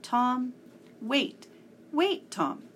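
A woman voicing a cautious male professor in whispered role-play, hushed and urgent. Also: high-pitched, sing-song, drawn-out words, a little hiss or hum, voice pushed up, exaggerated voice.

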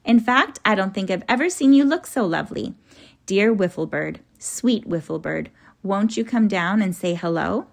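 A woman voicing a kindly, eccentric old male professor who coaxes and explains gently in a storybook reading, with a gravelly edge. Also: mid-range voice, moderate pace. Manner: gentle, coaxing, excitable.

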